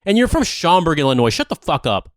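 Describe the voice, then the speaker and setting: A man's voice: fairly high pitch, sing-song, quick pace, dry recording. A man co-hosting a podcast in casual chat, ranting in a heated, profane way. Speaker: podcast co-host.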